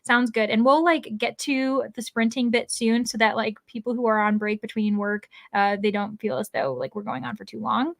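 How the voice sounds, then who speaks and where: A woman's voice: a little high, normal speed, vocal fry, hardly any pauses, dry recording. A woman hosting a casual livestream, chatting and reading viewer comments aloud, with lots of "like"s and laughs. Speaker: livestream host.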